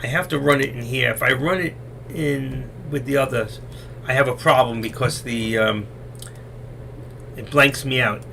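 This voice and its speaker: A middle-aged man talks through stock charts on a live stream, rambling and confiding in his viewers. His voice is gravelly yet bright and edgy, with a faint hum of room noise behind him. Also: mid-range voice, moderate pace, long pauses. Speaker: trading livestream host.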